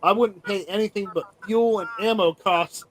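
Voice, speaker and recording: A man's voice: sits high, moderate pace, rough recording. A man in casual conversation, blunt and opinionated, stammering through restarts. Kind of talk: casual chat.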